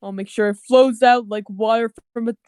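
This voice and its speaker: A woman's voice: a little high, steady tone, a little fast, a little mellow, slight background noise, close to an everyday voice. Give me a woman doing a bumbling, eager male detective, silly and cartoonish, read over a game. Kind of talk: playful fan voice acting over a game.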